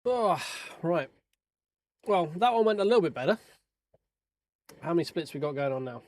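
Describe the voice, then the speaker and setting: A man's voice: fairly high pitch, animated, normal speed, darkish tone, no room sound. A man streaming sim racing, chatting casually with viewers over race replays in a joking, sweary way. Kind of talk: casual live-stream chat while reviewing race replays.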